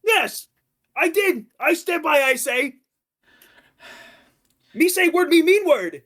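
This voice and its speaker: A woman's voice: high voice, lively intonation, takes it slowly, fairly bright tone, full character voice. A woman voicing a blunt, brutish adventurer who talks defiantly in crude broken grammar.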